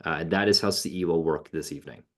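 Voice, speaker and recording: A man's voice: very deep voice, quick pace. A man hosting an online webinar over a video call, laid-back and joking, with slangy casual talk. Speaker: webinar host. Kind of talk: casual presenting.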